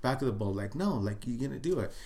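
A middle-aged man telling stories as an interview guest, with a voice of ordinary pitch for a man. He talks loosely and casually, peppering his talk with "dude" and "you know what I mean". He acts out the quoted lines, now loud, now hushed. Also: lively intonation, fast, a little hiss or hum. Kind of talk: casual storytelling chat.

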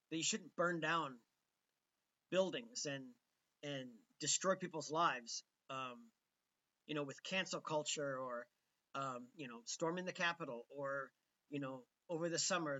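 A man's voice: fairly high pitch, bright, forceful tone, dull audio. A man hosting a political commentary show, talking casually with many ums and restarts. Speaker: host.

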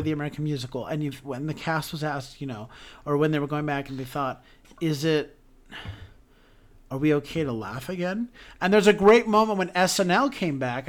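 Male podcast co-host, a bit high-pitched, animated and earnest, theater talk. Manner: animated, emotional, talks through restarts. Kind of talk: casual podcast chat about theater.

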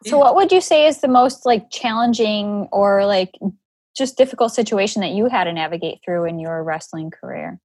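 A woman co-hosting a casual interview podcast, asking rambling questions in a soft-spoken way. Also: medium pitch, lively intonation, moderate pace, breathy edge, no room sound. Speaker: podcast co-host.

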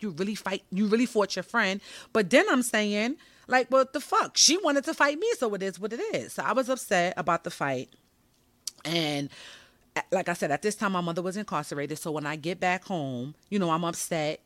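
Brief: woman host, candid and slangy, bright, forceful voice, dry close sound. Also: mid-range voice, no room sound. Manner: candid and animated, slangy, swears freely. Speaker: podcast host. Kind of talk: personal storytelling monologue.

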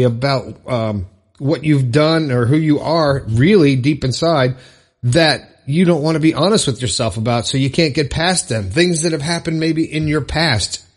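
A man hosting his own motivational podcast alone, talking casually and upbeat with frequent fillers and asides. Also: medium pitch. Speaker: podcast host. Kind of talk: solo motivational podcast monologue.

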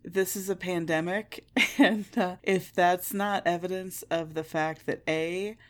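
Midwestern woman podcast co-host, low-ish voice, candid and profane, self-mocking chat. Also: fairly even intonation, measured pace. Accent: Midwestern American. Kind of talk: casual chat.

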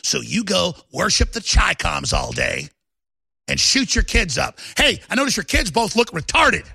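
A man hosting a talk show, delivering a combative political rant that builds into shouting. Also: high-pitched, huge pitch swings, normal speed, vocal fry, slightly rough.

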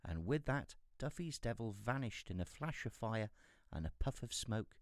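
Man, storyteller, fairy tale narration, calm, steady, low voice, dry recording. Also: normal speed, dry recording.

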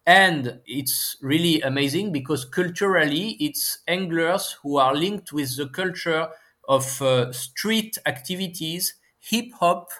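A man's voice: on the high side, slow, bright, forceful tone. A man from France with a French accent, a guest in an interview, explaining earnestly with many fillers. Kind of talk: conversational interview. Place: Paris, lives there.

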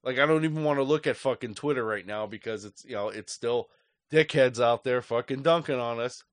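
A man in a sports fan talk show, swearing constantly and ranting in loose, rambling bursts. His voice sits in an ordinary middle pitch, recorded close and dry with no room sound. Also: fairly quick, no room sound. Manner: angry, profane, rambling. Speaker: sports podcast host.

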